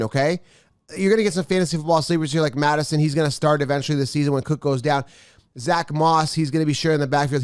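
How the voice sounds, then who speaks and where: A man's voice: on the high side, dry recording, studio quality. A man in his thirties hosting a fantasy football podcast, talking through a mock draft in a giddy, rambling, hyped-up way. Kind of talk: excited solo commentary on a mock draft.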